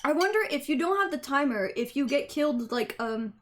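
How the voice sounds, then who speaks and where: High-voiced excitable woman game streamer. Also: fairly quick, a little hiss or hum. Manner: excitable, swears freely. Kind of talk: casual live-stream commentary.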